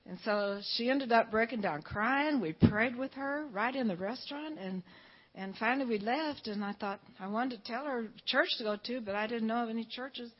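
A woman's voice: on the high side, normal speed, breathy edge. Older woman, church testimony, storytelling, fervent, dull lo-fi sound. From Georgia, USA. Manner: storytelling, fervent, quotes people in dialogue. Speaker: church speaker giving testimony. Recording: dull lo-fi recording.

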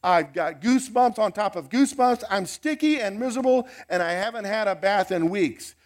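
A man's voice: high-pitched, lively intonation, normal speed, voice pushed up. A male pastor playing a weary older apostle who is a shipwrecked prisoner, complaining in an exasperated rant. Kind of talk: sermon role-play.

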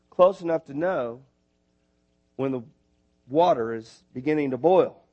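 A man preaching in church, his voice pitched high for a man. He is animated and conversational, building to loud, emphatic peaks when he drives a point home. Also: breathy edge. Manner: animated, rising to near shouts when stressing a point. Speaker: missionary preacher. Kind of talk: sermon.

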